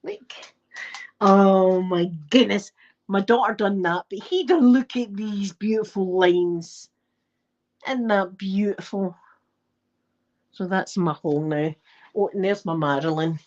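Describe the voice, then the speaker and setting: An older Scottish woman chats and tells stories in a cheeky, chatty way, catching her breath between phrases. Her voice sits at an ordinary pitch for a woman. The recording sounds a little dull and lo-fi. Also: takes it slowly, long pauses, a little mellow. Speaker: channel host. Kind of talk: casual chat.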